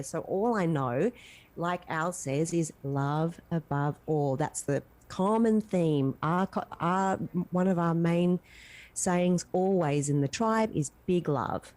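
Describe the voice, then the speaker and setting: A woman's voice: fairly low pitch, unhurried, a little mellow. A woman chatting as a guest, earnest and heartfelt, rambling with restarts. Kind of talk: casual chat.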